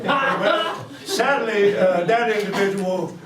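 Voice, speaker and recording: A man playing a folksy, halting activist. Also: high-pitched, over a noisy crowd. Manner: halting, folksy, many pauses. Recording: roomy club from far off, loud audience.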